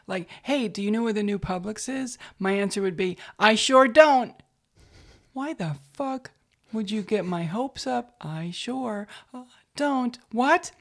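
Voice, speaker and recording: A woman comedian co-hosting a podcast, joking bluntly and swearing freely in casual chat. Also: on the low side.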